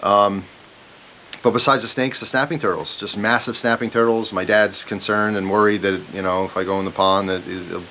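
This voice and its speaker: Low-voiced man rambling through a story. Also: normal speed. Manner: rambling, animated, chuckling storyteller. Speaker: vlogger. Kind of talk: casual storytelling. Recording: faint hiss.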